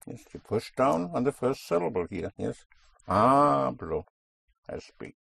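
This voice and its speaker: A man's voice: medium pitch, sing-song, normal speed, vocal fry, a little mellow, breathy edge, no room sound. A man teaching a language lesson, patiently repeating and correcting a student's answers. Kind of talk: guiding a student through spoken drills.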